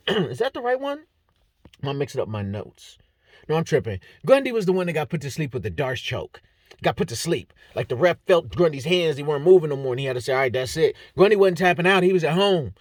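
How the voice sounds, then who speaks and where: Fairly high-pitched, with big swings in pitch and a slightly fast delivery, an MMA breakdown host riffs alone on fight results. He jokes, rambles, and gets tangled up in fighters' names. The studio-quality audio carries no room sound.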